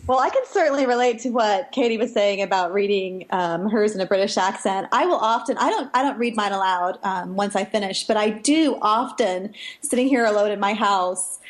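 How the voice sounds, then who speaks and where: A woman romance author speaking in a relaxed, conversational way as a radio guest. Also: medium pitch, fairly quick. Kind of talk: casual radio interview.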